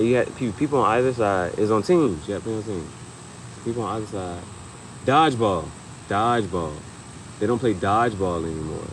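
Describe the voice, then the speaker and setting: A young adult man hosting a casual comedic chat, telling animated stories, laughing often and jumping into high-pitched acted quotes. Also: a little hiss or hum, poor audio. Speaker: podcast host.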